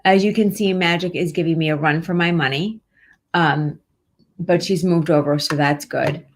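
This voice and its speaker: A woman's voice: low voice, fairly even intonation, normal speed. A woman hosting a live pet-medium show, chatting casually and rambling reassuringly with plenty of fillers. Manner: warm-hearted, reassuring, rambling with many fillers. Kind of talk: casual live-stream chat.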